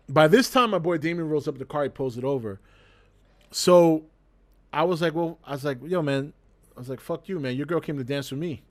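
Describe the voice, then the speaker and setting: A man with a slightly higher voice than most spins a story for his stream chat in a loose, casual way. He breaks into laughter mid-sentence and swears freely, acting out each exchange with lively energy. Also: fairly quick.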